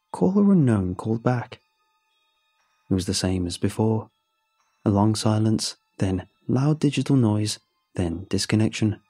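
A man reading a first-person horror story aloud in a measured, suspenseful way. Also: fairly low pitch, warm tone, husky, no room sound, clean studio sound.

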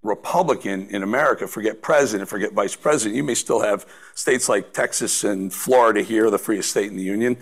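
Gravelly, emphatic male commentator. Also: fairly low pitch, a little fast, hardly any pauses. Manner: emphatic, stammering restarts. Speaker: guest commentator. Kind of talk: political commentary.

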